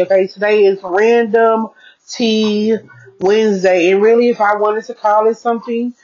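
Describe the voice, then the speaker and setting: A woman with a medium-pitched voice hosts a casual blog podcast from her bedroom desk, and the recording sounds lo-fi. She talks loosely to her listeners, calling them y'all and drawing out key words.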